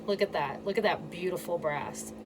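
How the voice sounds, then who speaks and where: Speaking straight to her audience, a Midwestern woman chats her way through a DIY restoration how-to in her regional accent. Her pitch is fairly low and her pace moderate, captured on a distant mic along with room noise.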